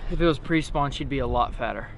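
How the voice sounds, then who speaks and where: A man's voice: mid-range voice, fast talker, creaky, a little hiss or hum. A man chatting casually while fishing from a boat on a river, laid-back and talking shop about the catch. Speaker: fishing buddy.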